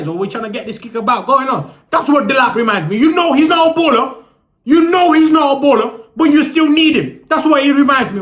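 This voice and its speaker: Angry young guy ranting bout football, swears nonstop, stutters n repeats himself, sounds real high, room echoes. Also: a bit bright. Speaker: football fan vlogger. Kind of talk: angry fan rant.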